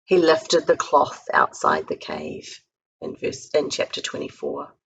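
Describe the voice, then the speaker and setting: A woman with a New Zealand accent preaches a sermon in a low voice with a gravelly edge. She tells the story with energy and raises her voice to act out each quoted line. A faint hiss sits under the recording. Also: a little slow, poor audio. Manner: lively storytelling, acting out quoted lines with a raised voice. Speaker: guest speaker. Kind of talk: sermon retelling a Bible story. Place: home recording for an online church service.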